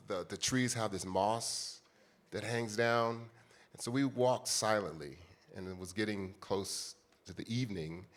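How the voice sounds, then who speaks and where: Speaking directly to the audience as a conference panelist, an American man in his fifties shares a heartfelt personal story in a low voice.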